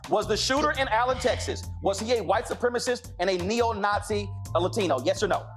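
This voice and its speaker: A man's voice: high voice, brisk, over music. A man hosting a debate, pressing his guest with pointed questions and insistently repeating the guest's name to cut in. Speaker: debate show host.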